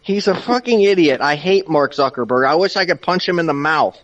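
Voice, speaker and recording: A man in a group voice call, ranting with a lot of swearing and plenty of energy. His voice sits somewhat high for a man. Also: a little fast, highs cut off. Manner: profane, ranting, animated. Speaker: podcast participant. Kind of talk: casual group voice chat.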